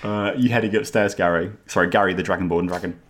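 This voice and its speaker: Low-voiced male game master. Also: fairly even intonation, fast talker. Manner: rambling, filler-heavy description. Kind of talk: narrating a tabletop game.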